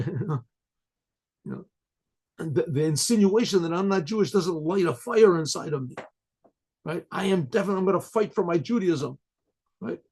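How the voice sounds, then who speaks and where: A man, a rabbi, teaching a Torah class in a conversational sermon style, often clearing his throat and translating Hebrew phrases as he goes. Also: high-pitched, lively intonation, moderate pace, pauses often, a little mellow.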